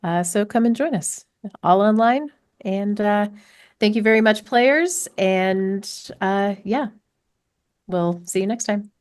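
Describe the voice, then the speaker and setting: A woman's voice: mid-range voice, takes it slowly, darkish tone. A woman game master wrapping up a tabletop session, talking hesitantly with many fillers. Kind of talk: closing chat after a tabletop game.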